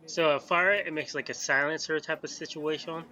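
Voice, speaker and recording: A man's voice: fairly high pitch, steady tone, brisk, bright, forceful tone, highs cut off. A man playing a tabletop game, describing his actions in a casual, eager way. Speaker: player.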